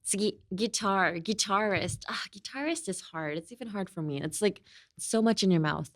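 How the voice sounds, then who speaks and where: A woman's voice: mid-range voice, expressive, moderate pace, dry recording, studio quality. A young woman hosting a casual English lesson, chatty and laughing often, switching into Japanese at times. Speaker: host and English teacher.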